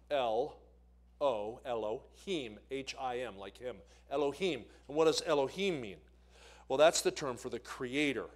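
A man preaching as an evangelist in a church, swinging between loud emphasis and quiet asides. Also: a little high. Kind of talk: sermon. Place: church sanctuary.

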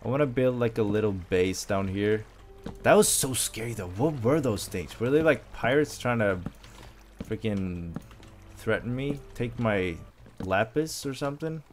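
Excitable gamer commentating his play, very animated delivery. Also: medium pitch, unhurried, slight background noise. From Sweden. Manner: excitable, jumpy, yelps when startled. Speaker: gameplay commentator.

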